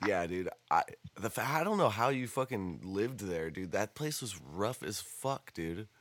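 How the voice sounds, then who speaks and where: A young man with a very deep but lively voice chimes in with short, swear-laden reactions. He talks in a relaxed, offhand way, and the sound is dry and close. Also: unhurried, no room sound. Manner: short reactions, profane, laid-back. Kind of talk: casual chat, listener.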